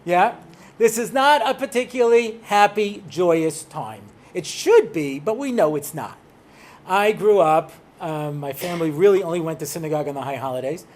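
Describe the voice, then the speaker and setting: A man's voice: sits high, animated, moderate pace, a little mellow. An American man, a rabbi, giving a humorous talk to an audience, telling stories and acting out bits for laughs. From United States. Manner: joking storyteller, acts out cantors and voices.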